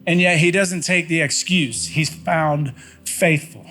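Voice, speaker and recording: High-voiced pastor preaching. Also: male voice, slow, pushed and bright, soft background music. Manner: conversational preacher, repeats phrases for emphasis, folksy. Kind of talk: sermon. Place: church sanctuary.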